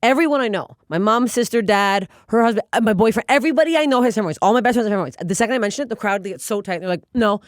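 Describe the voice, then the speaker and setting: A woman comedian as a podcast guest, blunt and profane, telling stories in animated casual chat. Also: on the high side, racing, hardly any pauses, no room sound, clean studio sound.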